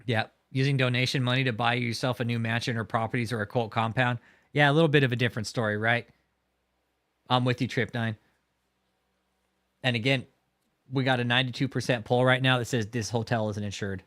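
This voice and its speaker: A man's voice: medium pitch, steady tone, a little fast, pauses often, fairly bright tone. A man hosting a livestream, talking casually and heatedly, swearing often and mocking his target while reacting to chat. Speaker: livestream host.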